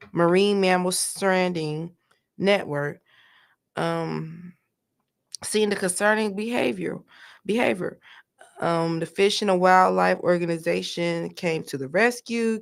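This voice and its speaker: A woman's voice: on the low side, vocal fry. A woman hosting a show, giving casual, joking commentary on news stories with lots of exclamations. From North Carolina. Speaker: show host.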